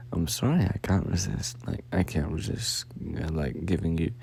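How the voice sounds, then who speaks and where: Young man, whispered role-play, drowsy affectionate boyfriend, dark mellow low voice. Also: a little slow, creaky, slight background noise. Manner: sleepy, yawning, affectionate and giggly.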